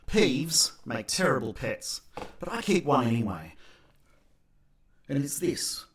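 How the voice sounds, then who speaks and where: An Australian man, an accountant, giving a sardonic opinion monologue, dry and wry with animated bursts. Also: medium pitch, slow. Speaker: accountant vlogger. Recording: echoey room.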